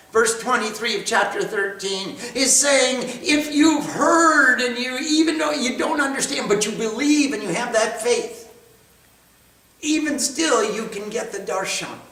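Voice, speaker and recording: Man, spiritual teacher, storytelling lecture, high bright voice, far from mic. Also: expressive, a little slow. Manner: storytelling, emphatic, repetitive. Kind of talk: spiritual class lecture with questions. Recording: echoey room, far from mic.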